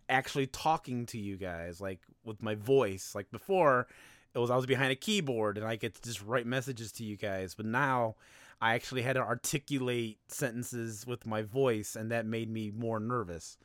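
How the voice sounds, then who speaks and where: Laughing, chatty male podcast host, smooth dry voice. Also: medium pitch, moderate pace, a bit bright, no echo. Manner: chatty and laughing, with frequent fillers. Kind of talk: casual podcast chat.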